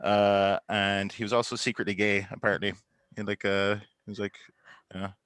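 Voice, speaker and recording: A man's voice: on the low side, little pitch movement, normal speed, a bit bright, smooth, no room sound. A man, a comedian contestant on a game show, rambling through anecdotes full of fillers and restarts. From Ireland. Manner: rambling, filler-heavy storytelling. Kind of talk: casual comedic banter.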